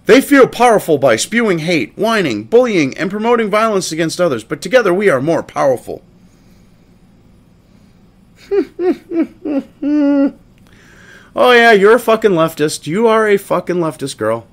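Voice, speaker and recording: A man's voice: high-pitched, sing-song, unhurried. Guy ranting and cussing on his commentary show, mocking, voice jumps all over. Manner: profane, mocking, combative. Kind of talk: ranting commentary reading a statement.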